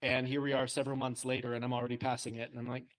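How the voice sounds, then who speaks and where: A man, a high school English teacher, chatting casually and telling self-deprecating stories with frequent laughs. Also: little pitch movement, very fast. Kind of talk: casual chat.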